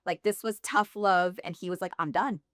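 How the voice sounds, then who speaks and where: Woman telling her faith story, low voice. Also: fairly even intonation, moderate pace, fairly bright tone, smooth, no echo, clean studio sound. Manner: candid storytelling, laughs often. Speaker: podcast guest. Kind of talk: personal faith testimony.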